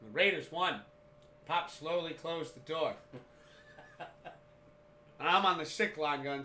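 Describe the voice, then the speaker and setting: High, bright animated man telling stories. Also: slow, long pauses, roomy sound, slight background noise. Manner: animated storyteller, swears, loud excited outbursts. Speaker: podcast co-host. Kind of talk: casual sports chat.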